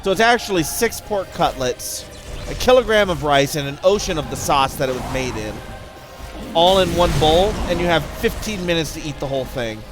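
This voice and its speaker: A man's voice: on the high side, animated, normal speed, over music. A young man chatting casually on a live game stream, rambling through stories and thanking viewers as he goes. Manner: rambling storyteller who thanks viewers mid-story.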